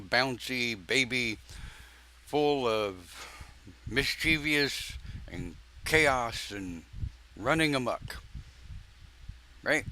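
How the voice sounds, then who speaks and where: An older man preaches in a loose, joking way on a live stream, his croaky voice bright and forward. He takes his time, stretching words out between asides. A faint hiss of noise sits under the recording. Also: medium pitch. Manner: folksy, joking asides, drawn-out pauses. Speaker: pagan minister. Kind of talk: informal live-stream sermon.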